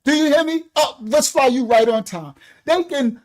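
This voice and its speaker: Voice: sits high, animated, moderate pace, few pauses, low-quality recording. An older speaker delivering a heated political rant full of street slang, who keeps asking the listener if they heard. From New York. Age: 60s or older. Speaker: online commentator.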